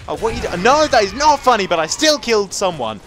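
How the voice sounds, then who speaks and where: A man in his late teens from England, rambling fast and jokily through gameplay commentary, with sudden squeaky jumps in his voice. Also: sing-song, a bit bright, slight background noise. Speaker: gaming YouTuber.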